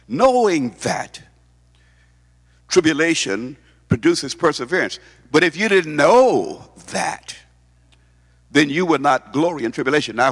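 Male preacher, high voice, emphatic sermon delivery, long hall reverb. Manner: emphatic, repeats words, asks the congregation questions.

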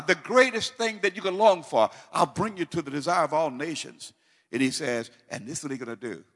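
Preaching a sermon, this man has a high, ringing, bright voice that shifts between calm instruction and loud, impassioned repetition. Long reverb surrounds him, like a big hall.

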